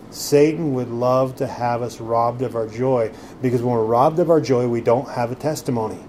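A man's voice: medium pitch, mellow, slight background noise. A man preaching a sermon in a conversational way, full of rhetorical questions. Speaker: pastor.

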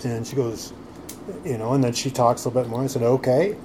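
A man's voice: mid-range voice, little pitch movement, brisk, warm tone, slight background noise. A man preaching a sermon in a conversational way, full of rhetorical questions. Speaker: pastor.

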